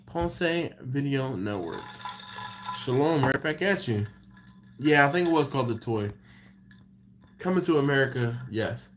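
A man hosting a live stream, reading viewer comments and chatting casually. He tells stories with animated energy and frequent laughs. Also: mid-range voice, unhurried, long pauses, slight background noise. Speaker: BBQ channel host on a livestream.

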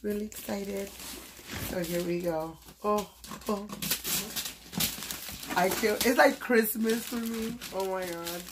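A woman vlogging casually from her bed, gushing and excitable as she opens a gift box, with lots of fillers. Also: medium pitch, slow, pauses often, noisy background. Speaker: YouTube vlogger. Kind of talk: casual unboxing vlog.

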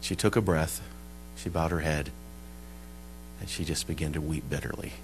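A male pastor preaching a sermon at a church service, telling a story and moving between hushed and emphatic delivery. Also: rumbling low, fairly even intonation, normal speed, background noise.

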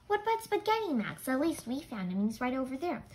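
Eager little boy detective, high and bouncy, a lady reading him out, storybook voice. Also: very animated, a little fast, darkish tone. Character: eager young boy detective, friendly and talkative.

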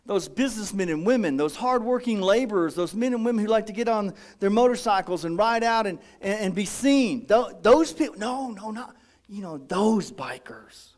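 A man preaching a sermon as pastor, lively and dramatic, acting out the voices of his congregation. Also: sits high, normal speed.

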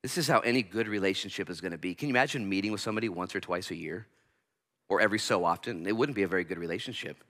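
A male pastor preaching a sermon, animated, acting out little voices and bursting loud at times. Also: sits low, racing. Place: church sanctuary.

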